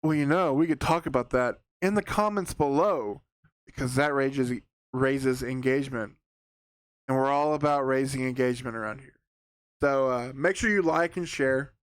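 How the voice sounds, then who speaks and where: A man's voice: mid-range voice, normal speed, clean tone, dry recording. A young man giving a casual spoken film review, rambling and sarcastic with lots of fillers and restarts. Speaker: movie reviewer.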